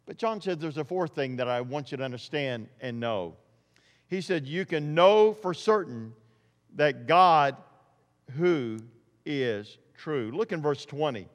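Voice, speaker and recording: A man preaching a sermon as pastor, emphatic, repeating phrases and swinging between loud and quiet. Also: high voice, big-room sound.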